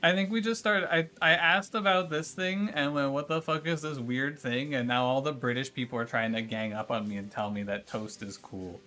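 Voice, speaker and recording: This male streamer talks fairly quickly with few pauses, his mid-range voice bright and forceful. While playing a game, he argues with chat, curses and rants in exasperation during a laid-back livestream conversation.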